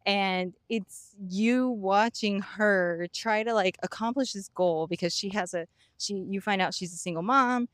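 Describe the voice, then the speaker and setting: A woman's voice: medium pitch, a little slow, fairly bright tone, smooth, no room sound. Chatty young woman, bone-dry sound. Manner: rambling, many "like" fillers, giggly. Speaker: podcast co-host. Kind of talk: casual chat.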